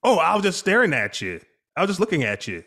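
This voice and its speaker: Man, casual podcast chat, lively storyteller, acts out quotes, laughs often. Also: a little high, quick pace.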